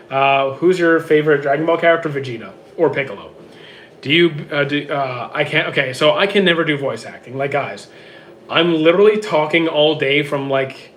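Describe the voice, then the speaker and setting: A man with a hoarse, worn-out voice reads out viewer questions and answers them offhand in casual livestream chat from home. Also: mid-range voice, fairly bright tone, a little hiss or hum. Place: home with roommates.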